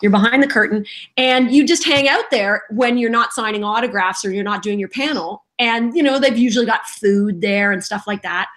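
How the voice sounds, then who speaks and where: A middle-aged woman, a voice actress, telling stories in a lively, self-deprecating way during a casual interview. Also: mid-range voice, normal speed. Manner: animated, self-deprecating storyteller. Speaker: voice actress guest.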